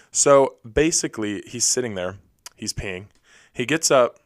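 A young man hosting a podcast alone, telling stories in a rapid, rambling, self-deprecating way. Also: mid-range voice, animated, no echo, clean studio sound. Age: young adult. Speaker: podcast host. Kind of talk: casual solo storytelling. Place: recording alone.

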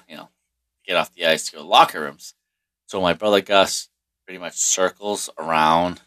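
Man, low voice, forceful, rambling profane storytelling, casual. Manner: profane, rambling, heavy on swearing and fillers.

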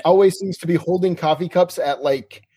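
A man's voice: on the high side, dark tone, breathy edge, dry recording. A man co-hosting a podcast, chatting casually and wryly about old TV shows. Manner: chatty, wry, quick asides. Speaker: podcast co-host.

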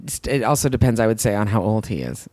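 A woman's voice: rumbling low, animated, quick pace, dark tone, no room sound. A woman co-hosting a podcast in casual chat, playful and teasing. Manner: playful, teasing, swoops up for emphasis. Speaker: podcast co-host.

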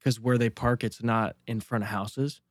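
A man's voice: medium pitch, steady tone, moderate pace, no echo, studio quality. A man co-hosting a casual podcast, telling rambling stories full of restarts and swearing. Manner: rambling, profane, storytelling with many restarts. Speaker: podcast co-host.

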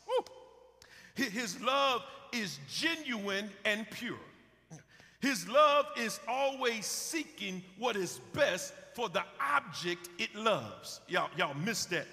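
A man's voice: high voice, pushed and bright. A man preaching a sermon as pastor, passionate, repeating himself and calling out to the congregation. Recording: reverberant hall sound, live stream.

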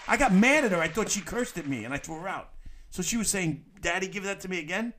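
A man's voice: sits high, animated, fast, sharp tone. A man hosting a talk show, joking and teasing his caller in a crude, playful way. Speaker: radio show host. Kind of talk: crude comedic banter.

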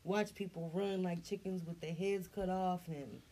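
A woman's voice: on the low side, steady tone, moderate pace, dark tone. A young woman in casual podcast chat, talking loosely with lots of fillers and laughs. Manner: laughing, chatty, trailing off into filler words. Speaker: podcast co-host.

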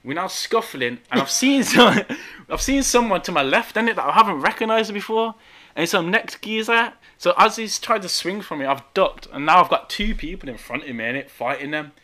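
A young man with a Birmingham accent telling a story in animated, slangy casual chat, often laughing. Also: high voice, fairly quick. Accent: Birmingham English. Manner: animated, laughing, street slang, frequent tag questions. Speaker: guest storyteller.

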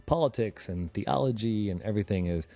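A male podcast host with a fairly low voice chats in a loose, upbeat way. He jokes a lot and breaks off into quick asides. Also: vocal fry, crowd noise. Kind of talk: casual chat.

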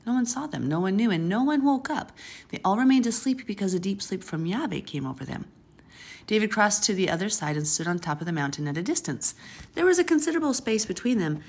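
A woman's voice: medium pitch, vocal fry, darkish tone, husky. A woman reading a Bible passage aloud and stopping often to explain it in an earnest, chatty way. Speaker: Bible teacher.

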